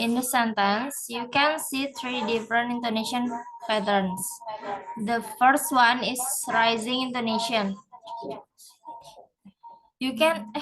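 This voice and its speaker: A woman's voice: on the high side, pushed and bright, low-quality recording. A young woman with an Indonesian accent, a student giving a class presentation and explaining step by step with some fillers and restarts. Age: young adult.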